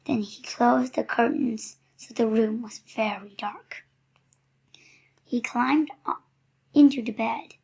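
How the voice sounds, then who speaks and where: A woman reads a children's story aloud, soft and close to a whisper at times. Her voice is slow, husky and gravelly, set a little high.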